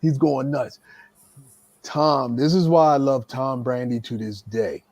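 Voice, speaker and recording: A man's voice: medium pitch, measured pace, no room sound. A veteran wrestler, a man, telling a backstage story in a casual, profane style. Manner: animated, profane, repeats words.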